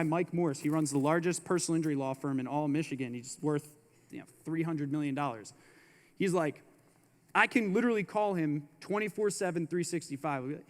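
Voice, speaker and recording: A man's voice: on the high side, fast. A man giving a motivational business keynote. He talks emphatically, repeats his slogans and drops slangy asides. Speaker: keynote speaker. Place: large conference hall. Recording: live hall with long reverb.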